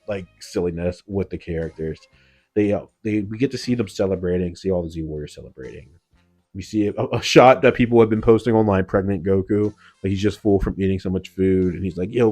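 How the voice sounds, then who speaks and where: A man's voice: low-pitched, fairly quick, darkish tone. Laid-back slangy guy recapping an episode. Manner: slangy, loose, fills with "like" and "yo". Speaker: anime reviewer.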